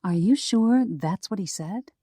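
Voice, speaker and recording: A woman's voice: mid-range voice, expressive, unhurried, warm tone, husky, no room sound, studio quality, voice pushed up. Woman reading an eager young sleuth. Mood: earnest. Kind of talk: audiobook character voice.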